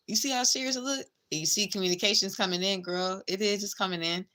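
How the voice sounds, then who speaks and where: Low-pitched, bright-voiced woman reading tarot. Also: expressive, fast talker, hardly any pauses. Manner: chatty, blunt, swears casually, calls the listener babe and girl. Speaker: tarot reader. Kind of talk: casual tarot reading to a viewer.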